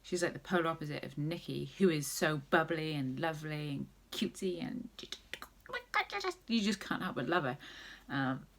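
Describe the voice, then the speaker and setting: A woman's voice: low voice, brisk, gravelly, hardly any pauses. A woman vlogger chatting casually through a makeup tutorial, rambling with jokey asides.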